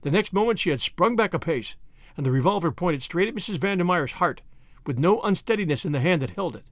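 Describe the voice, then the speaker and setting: A man reading a novel aloud with expressive storytelling delivery. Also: sits high, a little fast, dry recording, clean studio sound. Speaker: audiobook narrator. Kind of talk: scripted novel narration.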